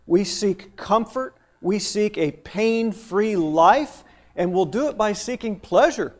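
Man preaching with lively emphasis. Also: high voice, takes it slowly. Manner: conversational, playful asides, swells for emphasis. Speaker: pastor. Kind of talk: sermon.

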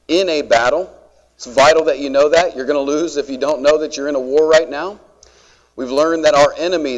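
A man's voice: on the high side, highs cut off. A man preaching a sermon in a conversational way, with joking asides to the congregation. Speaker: pastor.

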